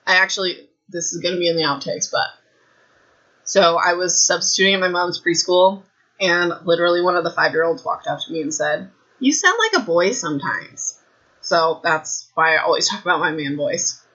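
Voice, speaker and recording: A woman in her thirties with a raspy throat, hosting a podcast from her home and chatting in a rambling way, saying "like" a lot. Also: fairly low pitch, a bit bright, slight background noise. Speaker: podcast host. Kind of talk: casual chat about a book. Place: home room. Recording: dull lo-fi home recording.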